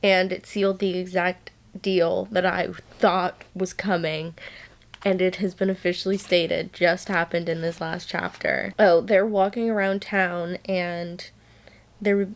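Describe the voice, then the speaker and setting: A young woman recaps a novel in a casual reading vlog. She talks at an unhurried, drawn-out pace, gushing and excitable, and now and then reads passages aloud. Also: fairly low pitch. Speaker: book vlogger.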